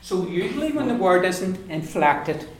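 An Irish man teaching an Irish language class, explaining pronunciation and repeating words slowly for his students. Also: high voice, big pitch swings. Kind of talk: classroom lesson. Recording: echoey classroom from far off, noisy.

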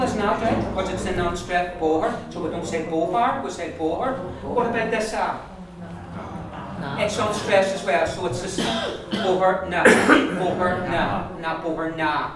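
A woman teaching a language class, patiently repeating words slowly for her learners. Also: on the low side. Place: classroom or meeting room. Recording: roomy echo, mic far off, class noise behind.

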